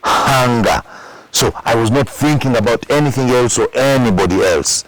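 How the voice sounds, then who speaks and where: A man's voice: medium pitch, brisk, rough recording. A man with a Ugandan accent, a musician candidly telling his story in an interview, repeating words for emphasis and acting out old conversations. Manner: repeats words for emphasis, acts out past dialogue. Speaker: musician recounting his past.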